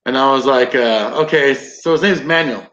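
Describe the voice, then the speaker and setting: In a roomy, dull lo-fi recording, a man with a mid-range, fairly bright voice speaks at normal speed. He's a combatives instructor guesting on a podcast, casually telling a story packed with swearing and acted-out quotes.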